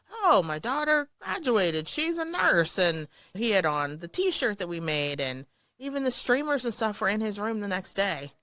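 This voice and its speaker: Calm, supportive woman podcast co-host. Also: mid-range voice, no room sound, studio quality. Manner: calm, supportive listener, tells stories plainly. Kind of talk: casual podcast chat.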